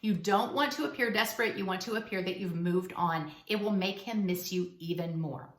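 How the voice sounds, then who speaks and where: A woman's voice: mid-range voice, a little fast. A woman giving relationship advice straight to camera in a casual, emphatic, coaching way. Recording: roomy echo.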